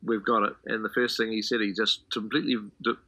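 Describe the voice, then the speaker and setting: A man's voice: lowish voice, flat delivery, fast, bright, forceful tone, no echo, low-quality recording. A man being interviewed for a documentary, recalling moments from a film shoot. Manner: anecdotal, conversational storytelling. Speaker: filmmaker interviewee.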